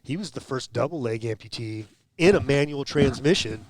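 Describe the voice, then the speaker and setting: A man's voice: mid-range voice, normal speed, dry recording. A man tells racing stories on a podcast in a mid-range voice, full of restarts and voiced quotes. The sound is close and dry. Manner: animated storyteller, restarts and acts out quotes. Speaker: guest. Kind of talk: casual podcast chat.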